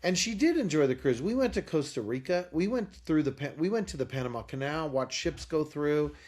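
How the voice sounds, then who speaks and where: Animated man telling a story. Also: on the high side, brisk. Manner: animated storyteller acting out dialogue. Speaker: guest. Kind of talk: storytelling in a podcast interview.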